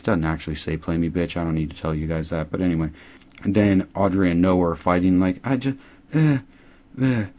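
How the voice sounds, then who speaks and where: Deep-voiced sarcastic man recapping a show. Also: warm tone. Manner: sarcastic, rambling, swears a lot. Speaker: TV episode recap host. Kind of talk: casual profane episode recap.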